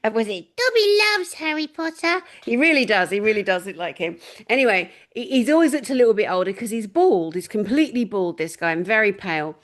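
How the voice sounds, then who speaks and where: A woman hosting an interview, chatting casually and telling stories with animated exclamations and laughter. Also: mid-range voice, fast talker, hardly any pauses. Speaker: host.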